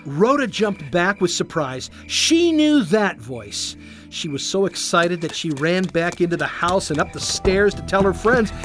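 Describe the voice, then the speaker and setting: Animated children's Bible storyteller. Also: medium pitch, unhurried. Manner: animated, expressive read-aloud. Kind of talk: scripted storybook narration for children. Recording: faint background music.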